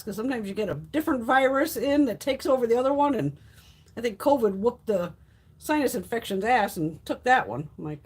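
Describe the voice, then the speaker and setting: Stuffy, animated woman chatting live. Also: on the high side, brisk, slightly rough. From Connecticut, USA. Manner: blunt, swears freely, lively storytelling. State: stuffy nose. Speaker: livestream host. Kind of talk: casual chat.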